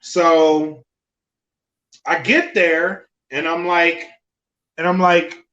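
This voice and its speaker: A young man co-hosting a podcast, telling a story in an animated, profane, laughing way. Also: a little high, extremely slow, long pauses, roomy sound. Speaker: podcast co-host. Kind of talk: casual chat, storytelling. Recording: slightly dull lo-fi podcast audio.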